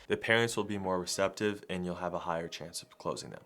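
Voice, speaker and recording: A man's voice: deep voice, fast talker, hardly any pauses, a bit bright. A man coaching sales in a loose, conversational way, full of "like" and "you know". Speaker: sales coach for martial arts school owners. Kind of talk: casual sales coaching talk.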